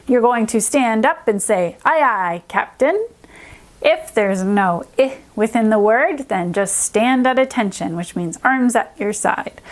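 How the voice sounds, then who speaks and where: A woman who is a reading specialist teaching a children's phonics lesson, sounding out letters slowly and clearly. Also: a little high.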